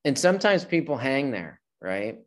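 A man's voice: medium pitch, big pitch swings, moderate pace. A man hosting an interview who asks his questions in an enthusiastic, rambling way. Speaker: interview host. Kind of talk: casual interview.

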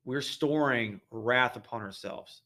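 A man talking earnestly about faith in a relaxed podcast conversation, often repeating words as he thinks. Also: medium pitch, takes it slowly. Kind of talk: casual religious discussion.

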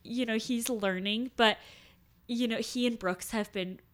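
A woman's voice: on the high side, steady tone, measured pace, fairly bright tone. A woman in her thirties co-hosting a podcast. She speaks reflectively and affirmingly in casual chat. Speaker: podcast co-host.

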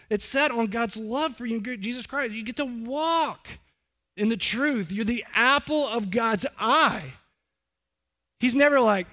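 A man's voice: very high voice, expressive, measured pace, pushed and bright. A middle-aged man preaching a sermon as pastor, earnest and conversational, often putting questions to the congregation.

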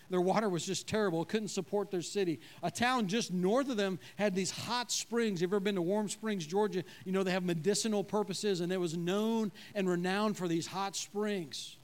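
A pastor with a fairly high voice preaches to his congregation in a conversational way, continually asking them questions. Whenever he quotes God, his voice drops low and quiet.

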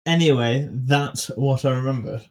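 A young man hosts a relaxed podcast conversation with a mid-pitched voice. He hesitates, restarts his sentences and laughs often. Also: normal speed. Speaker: podcast host. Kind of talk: casual chat.

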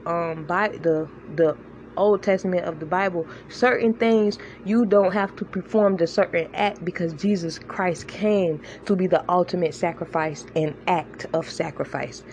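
An online faith encourager with a low, darkish voice gives an informal religious teaching. She's earnest and conversational, repeating herself and often asking listeners if they get it, with a faint hiss in the background.

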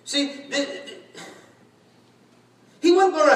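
Animated pastor, echoey hall. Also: male voice, high voice, moderate pace. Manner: animated storyteller, shouts and laughs, acts out quotes. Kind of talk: sermon. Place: large church hall. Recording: echoey church hall, distant mic.

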